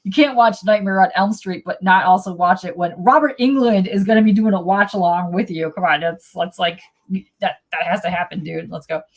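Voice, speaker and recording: A woman hosting a casual live podcast chat, excitable and quick to laugh, reacting to viewer comments. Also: fairly low pitch. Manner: excitable, laughs often, reads chat aloud. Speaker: podcast host.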